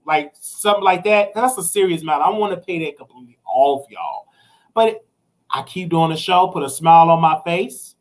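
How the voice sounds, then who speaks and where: A man hosting a casual live stream, talking straight to his viewers, animated and swinging between excited highs and low, serious storytelling. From United States. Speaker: livestream host.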